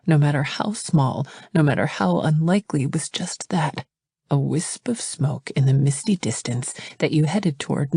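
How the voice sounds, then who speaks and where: A woman narrating a first-person novel as an audiobook, reading quietly and intimately. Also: sits low, slightly rough, no room sound, studio quality.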